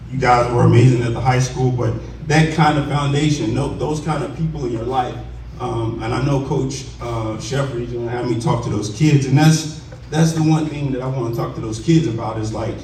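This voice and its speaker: A man in his forties gives an unscripted acceptance speech in a school cafeteria, emotional and halting, circling back over his words. The sound is roomy and heard from some distance, with a faint hiss underneath. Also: medium pitch, warm tone. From Commerce, Texas. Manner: heartfelt, halting, many restarts. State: emotional, voice choking up. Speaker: honoree giving an acceptance speech.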